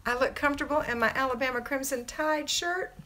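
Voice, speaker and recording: Her voice is high and bright with a steady, forceful tone, and she talks fairly quickly. She's a middle-aged American woman who coaches homemaking and hosts an informal livestream from home, greeting viewers by name and giving advice in a lively, chatty manner.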